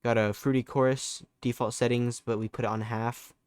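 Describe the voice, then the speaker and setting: A man's voice: medium pitch, level tone, moderate pace, darkish tone, clear, resonant tone, no room sound, studio quality. A young man giving a casual, laid-back music production tutorial, loose and full of fillers and restarts. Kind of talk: casual screen-recorded tutorial.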